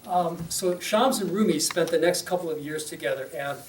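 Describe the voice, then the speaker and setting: A man's voice: a little high, normal speed, far from the mic. Brief: male teacher, casual storytelling lecture, roomy hall, faint background noise. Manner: conversational, with fillers and check-ins. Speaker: religious teacher.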